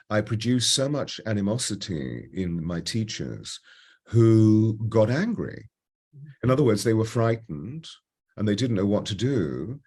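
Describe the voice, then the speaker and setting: Low husky older British RP man. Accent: British Received Pronunciation. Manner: expressive, shifting between lively bursts and slow hushed phrases. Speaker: voice coach, interview guest. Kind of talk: reflective interview storytelling.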